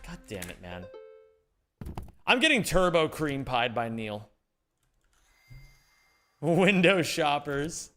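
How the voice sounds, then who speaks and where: A man's voice: medium pitch, unhurried, pauses often, faint music behind. A young man livestreaming, chatting casually with his viewers in a rambling, jokey way. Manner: animated, rambling, jokey banter. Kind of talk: casual chat with viewers during a gaming stream.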